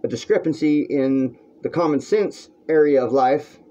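A man's voice: a little high, normal speed, dark tone. A man on his own vlog, talking in a crude, rambling and heated rant to the camera from a room at home, on a dull lo-fi recording. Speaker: vlogger. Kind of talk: ranting monologue to camera.

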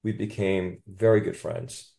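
A chiropractor guest on a podcast, telling a patient story with enthusiasm and often adding "you know" and "okay?". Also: male voice, sits low, fairly even intonation, a little slow, gravelly, mellow.

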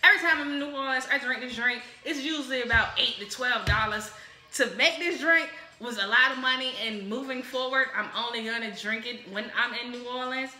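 A woman's voice: on the high side, brisk, pushed and bright. A woman hosting a comedy cocktail show, chatting casually and rambling exuberantly as she mixes drinks. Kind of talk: casual comedic chat while mixing drinks. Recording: echoey room.

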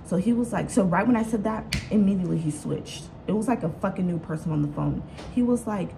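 A woman's voice: medium pitch, fast talker, darkish tone. A young woman, chatting casually in a home vlog and venting candidly about a rude caller. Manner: candid, slangy, venting with heated retelling. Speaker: vlogger working from home. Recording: home recording with clear background noise.

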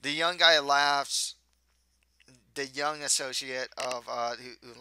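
Bright, crisp-voiced man reviewing a film. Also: medium pitch, slow pace. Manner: rambling, with frequent restarts and stumbles. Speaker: movie reviewer. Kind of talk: casual spoken movie review.

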